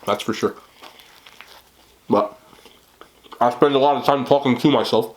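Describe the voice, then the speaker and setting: A man's voice: mid-range voice, unhurried, a little mellow. A tired man from New York rambling casually to his camera at home late at night, chatty and self-deprecating, laughing often. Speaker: mukbang vlogger.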